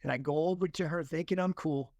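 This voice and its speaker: Older male guest in his 60s, animated storyteller, a touch high-pitched, dry close sound; earnest. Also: a little fast, no echo. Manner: animated storyteller acting out dialogue; earnest, emotional at times. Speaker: interview guest. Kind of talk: personal recovery story.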